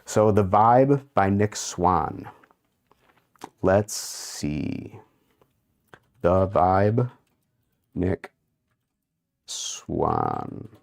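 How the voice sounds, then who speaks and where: A man's voice: sits low, very animated, vocal fry. A man hosting a casual livestream, reading viewers' chat aloud and muttering to himself while he browses. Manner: unhurried, muttering while browsing, amused asides. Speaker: livestream host.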